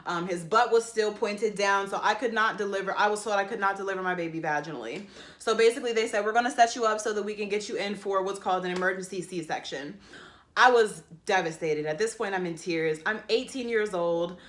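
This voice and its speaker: A woman's voice: medium pitch, fast talker, a bit bright. A woman telling a personal story to camera, rambling and emotional, with many fillers and restarts. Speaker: vlogger.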